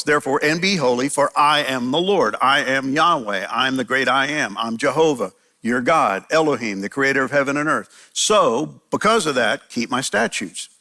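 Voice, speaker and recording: A man's voice: medium pitch, lively intonation, normal speed, pushed and bright. A man preaching a conversational sermon, often restarting his phrases. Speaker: pastor.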